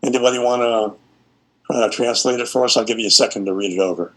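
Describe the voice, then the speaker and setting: A man giving a university lecture over a video call, speaking in a measured way with frequent fillers. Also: medium pitch, steady tone, rough recording. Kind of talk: online class lecture.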